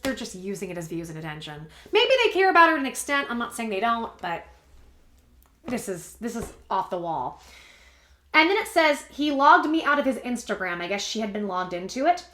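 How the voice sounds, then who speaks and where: A woman's voice: medium pitch, fairly bright tone. A woman hosting a commentary video, recapping online drama in a chatty way with wry asides. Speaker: commentary channel host. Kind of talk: gossip commentary, reading and reacting. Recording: echoey room.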